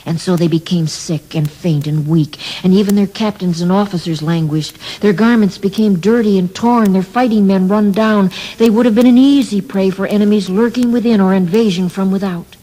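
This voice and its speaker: A man narrating a children's audiobook in a measured, dramatic way. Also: sits high, dark tone, poor audio. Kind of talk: scripted storytelling for children.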